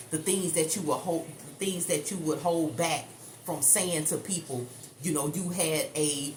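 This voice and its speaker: A woman giving a chatty, blunt tarot reading, swearing freely and calling her listeners baby and honey. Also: deep voice. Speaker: tarot reader. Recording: echoey room with faint ambient noise.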